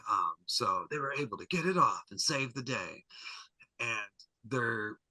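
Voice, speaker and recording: A man guest on a podcast, recapping an episode in a lively, jokey way and slipping into character voices. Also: mid-range voice, a little slow, no echo, low-quality recording. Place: podcast studio.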